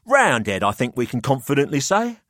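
A man's voice: medium pitch, big pitch swings, a little fast, a bit bright, no room sound, studio quality, pitched above the performer's own voice. Man putting on a pushy, showy old collector. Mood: teasing. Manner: expansive, theatrical, patronising. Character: pushy, jovial older male collector.

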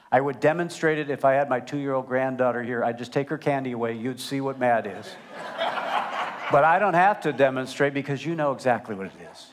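Older male pastor, emphatic sermon. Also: medium pitch. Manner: animated and emphatic, swings between loud and hushed.

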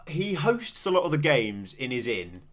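A young man from England co-hosts a podcast, his fairly bright, high-ish voice swinging widely in pitch at normal speed. The chat is casual; he laughs often and rambles, restarting his sentences frequently.

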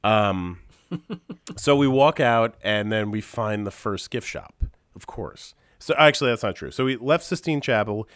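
A man with a stuffy, congested voice, telling animated stories in a casual podcast chat and swearing casually. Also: fairly low pitch, a little slow, clear, resonant tone, no echo, clean studio sound. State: congested from a sinus infection. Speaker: podcast regular.

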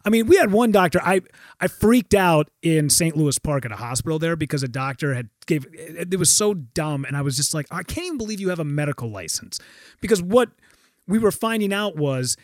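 A middle-aged man and stand-up comedian telling stories in a casual chat, animated and swearing freely, with many restarts. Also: fairly high pitch, moderate pace, no echo. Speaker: stand-up comedian, podcast guest.

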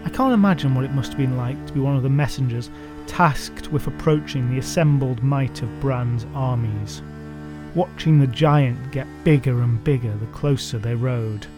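A man's voice: mid-range voice, normal speed, music in the background. A man retelling an old myth for a podcast in a wry, conversational way, musing aloud to his listeners. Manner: wry, conversational, does character voices. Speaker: podcast storyteller.

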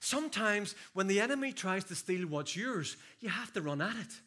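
High, bright preacher. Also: male voice, moderate pace. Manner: energetic preaching, swings from loud shouts to hushed storytelling. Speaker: pastor. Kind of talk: sermon. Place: church hall.

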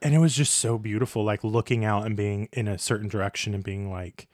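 American man, casual travel chat, fairly low voice, dry close sound. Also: brisk, dry recording. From United States. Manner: chatty storyteller, animated, laughs easily. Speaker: podcast co-host.

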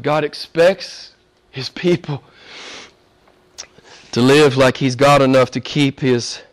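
Repeating phrases for emphasis, a pastor delivers his sermon in a mid-range voice, alternating between loud proclamations and hushed, almost whispered lines.

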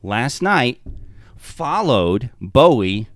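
A man's voice: mid-range voice, drawn-out words, dry recording. Man animatedly recounting a game. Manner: animated storyteller. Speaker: podcast co-host, game master. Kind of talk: casual chat, recounting a game session.

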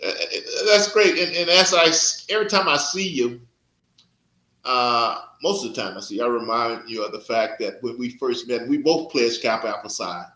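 A man's voice: mid-range voice, animated, normal speed, pushed and bright, reverberant, low-quality recording. Rambling older man hosting a podcast. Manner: rambling, hesitant with many fillers. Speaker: podcast host. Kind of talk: casual interview.

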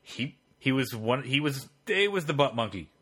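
A man's voice: medium pitch, expressive, normal speed, bright, forceful tone, husky. A man co-hosting a podcast, telling long rambling anecdotes in casual chat. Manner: rambling storyteller with frequent fillers and restarts. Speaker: podcast co-host.

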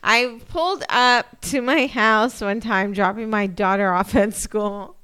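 A woman's voice: mid-range voice, a little slow, pushed and bright, smooth. A woman in her thirties co-hosting a casual podcast, blunt and profane, laughing a lot. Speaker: podcast co-host. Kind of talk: casual chat.

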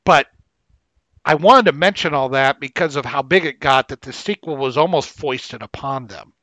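A man co-hosting a casual podcast about movies, talking haltingly, repeating words and laughing often. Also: medium pitch, pushed and bright, dry recording, lo-fi sound. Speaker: podcast co-host.

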